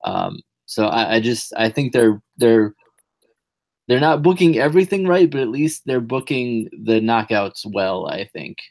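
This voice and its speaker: A man co-hosting a casual wrestling review podcast, teasing his partners and then giving steady analysis. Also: mid-range voice, unhurried, vocal fry. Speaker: podcast co-host.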